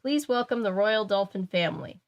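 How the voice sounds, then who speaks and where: A woman's voice: medium pitch, lively intonation, moderate pace, lo-fi sound, natural voice. Lady reading out a big hype-man announcer, showy and grand. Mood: announcing. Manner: showy, hyping the crowd. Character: grand male show announcer on a loudspeaker.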